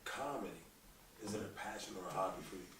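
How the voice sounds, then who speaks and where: A male interview host who jokes along and chimes in with quick asides. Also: on the low side, fairly bright tone. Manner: joking, chiming in with quick asides. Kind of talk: casual interview. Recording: echoey room, distant mic, faint hiss.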